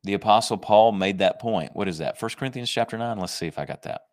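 A man preaching a sermon, emphatic and conversational, slowing down to stress scripture verses and joking with his listeners. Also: fairly low pitch, a little mellow. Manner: jokes and laughs with the congregation.

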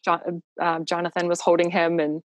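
A woman's voice: lowish voice, monotone, moderate pace, no echo. A young woman telling her own birth story in a casual, heartfelt way, laughing often and using lots of fillers.

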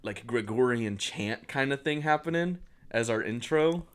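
A man co-hosting a podcast who chats casually, chuckles often and chimes in with quick comments. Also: mid-range voice, lively intonation, smooth. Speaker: podcast co-host. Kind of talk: casual movie-discussion chat.

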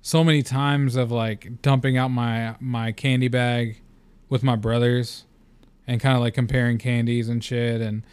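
A man's voice: mid-range voice, little pitch movement, measured pace, a little mellow, smooth, no echo. A young man hosting a solo podcast, talking in a loose, rambling, candid way with lots of fillers and casual swearing. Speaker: podcast host.

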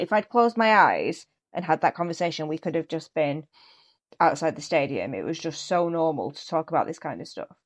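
A woman, a guest telling stories in a lively, animated way over a remote call. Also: on the low side. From England. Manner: lively, animated storytelling with laughs. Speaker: guest, actor and football fan. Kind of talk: casual podcast chat over a call.

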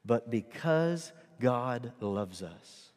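A middle-aged man preaching a sermon as pastor, earnest and at times loud and emphatic. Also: medium pitch, lively intonation, drawn-out words. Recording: long hall reverb.

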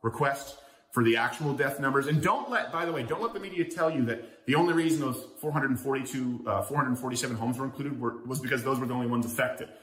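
A man's voice: mid-range voice, quick pace, a bit bright, echoey room. A man hosting a political talk show monologue, sarcastic and rousing. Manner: sarcastic, rousing, chuckling at his own jokes.

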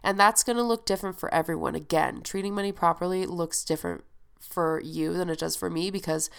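A woman's voice: lowish voice, fairly even intonation, brisk, creaky, clear, resonant tone. A woman hosting a podcast with a stuffed-up, nasal voice, talking in a chatty, emphatic, motivational way. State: stuffed-up nose. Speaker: podcast host. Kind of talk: casual solo podcast monologue.

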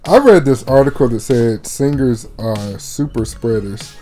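A man's voice: mid-range voice, expressive, unhurried, dark tone, soft background music. A man co-hosting a casual podcast, playful and teasing, laughing often. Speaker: podcast co-host. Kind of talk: casual chat.

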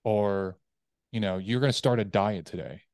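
A man with a low voice talks as a guest on a podcast, recorded close and dry. He tells animated stories about his own habits. He often acts out the inner voices in his head. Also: moderate pace, no echo. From United States. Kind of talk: casual interview chat.

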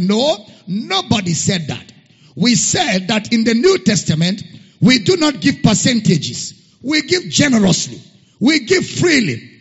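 A pastor preaching a sermon, emphatic and repetitive, sometimes singing words. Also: male voice, very high-pitched, wildly swooping pitch, a little slow, a bit bright, slightly rough. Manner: emphatic, repeats key phrases, sings some words. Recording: dull lo-fi recording in a reverberant hall.

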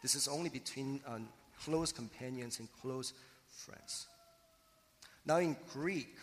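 A man preaching a sermon as pastor, earnest and emphatic, slowing and pausing for effect on key words. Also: medium pitch, in a large hall, slight background noise.

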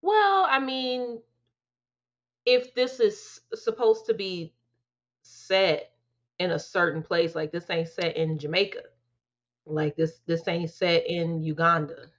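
A woman co-hosting a casual chat, talking bluntly in with animated, slangy rants. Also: fairly low pitch, takes it slowly. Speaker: podcast co-host. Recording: dull lo-fi sound.

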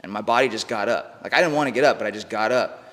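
A man's voice: lowish voice, quick pace, a bit bright. Profane storytelling man, reverberant room. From United States. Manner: swears freely, says "bro" and "like". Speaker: podcast guest, mindset coach. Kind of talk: casual storytelling.

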